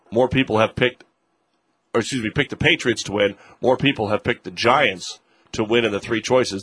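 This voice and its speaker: A man hosting a sports radio show, briskly reading plugs and chatting about games. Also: medium pitch, fairly bright tone, breathy edge. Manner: brisk, reads promos and plugs.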